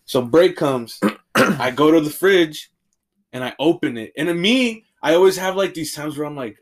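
Young guy on a podcast, fired-up storytelling, lots of cussing, kinda high voice. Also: normal speed. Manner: animated storytelling, swears a lot. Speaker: podcast co-host. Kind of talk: casual chat.

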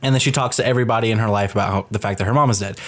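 A man's voice: on the low side, very fast, a bit bright. Sarcastic man reviewing a horror film. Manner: sarcastic, profane, joking banter. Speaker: podcast co-host. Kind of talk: casual movie review chat.

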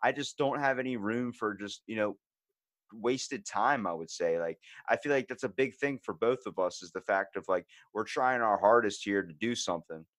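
A man's voice: on the low side, moderate pace, a bit bright, no echo. Plain-spoken young podcast host man. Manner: candid, plain-spoken, swears casually. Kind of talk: casual chat.

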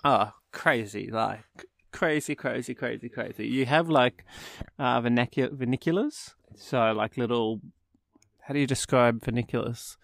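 A man's voice: medium pitch, measured pace, vocal fry, no room sound, studio quality. A man, co-hosting a travel podcast in an enthusiastic, rambling way and laughing often. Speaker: podcast co-host. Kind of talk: casual travel podcast chat.

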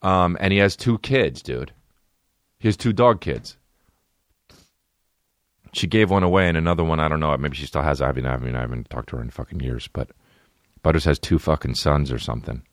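A low-pitched young man rambles through profane stories with sudden animated bursts. He hosts a casual podcast, and his voice sits close and dry with no room sound. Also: a little fast, long pauses, no echo. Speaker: podcast host. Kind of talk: casual comedic storytelling.

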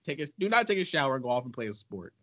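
A man co-hosting a casual podcast chat, animated and exasperated, laughing often. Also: medium pitch, very fast. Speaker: podcast co-host. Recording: muffled lo-fi.

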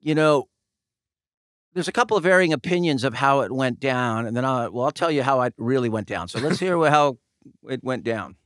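A man's voice: medium pitch, expressive, brisk, fairly bright tone, smooth, no room sound, clean studio sound. A man telling a story in casual chat, easygoing and wry with loose fillers.

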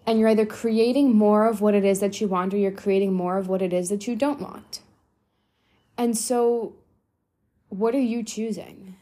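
A woman's voice: medium pitch, steady tone, moderate pace, mellow. A young adult woman hosting a motivational solo podcast, talking bluntly and swearing freely for emphasis. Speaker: podcast host.

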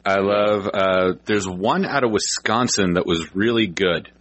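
A man's voice: low-pitched, a little slow, a bit bright, no room sound, lo-fi sound. A man hosting a podcast, talking in an easygoing casual way and often adding short agreements. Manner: easygoing, frequent brief agreements. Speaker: podcast host.

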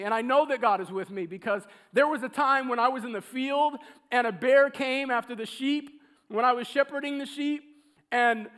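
A man preaching a sermon, telling a story with animated, acted-out quotes. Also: very high voice.

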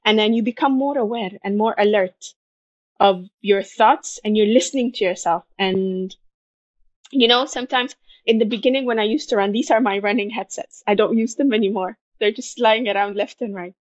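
A woman guest in a conversational interview, talking in an animated way and driving points home with emphatic repetition. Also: mid-range voice, moderate pace, no echo, dull audio. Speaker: podcast guest, marathon runner.

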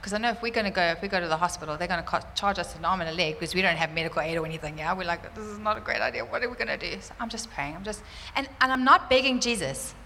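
A woman telling a church congregation a personal testimony, animated and fervent, laughing often. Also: on the low side, racing, hardly any pauses, slight background noise. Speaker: church speaker sharing a testimony. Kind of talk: sermon testimony. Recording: roomy church hall reverb, faint ambience.

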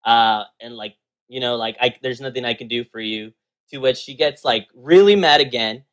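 A man, co-owner of a game store, telling a story in casual chat, animated and full of fillers, acting out what people said. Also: mid-range voice, moderate pace. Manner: animated storyteller, acts out quotes, many fillers.

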